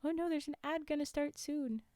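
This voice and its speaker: A woman reads a story on a casual livestream, breaking off for chatty, giggly asides to her viewers. Her voice is mellow and warm, and the sound is close and dry. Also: sits high, fairly even intonation, a little fast, dry recording. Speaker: streamer reading stories.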